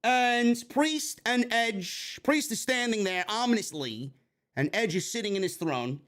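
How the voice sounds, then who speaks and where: High-voiced, foul-mouthed man ranting live. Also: measured pace. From New York. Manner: excitable, swears constantly, bursts into shouting. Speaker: wrestling review livestream host. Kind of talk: casual profane live commentary.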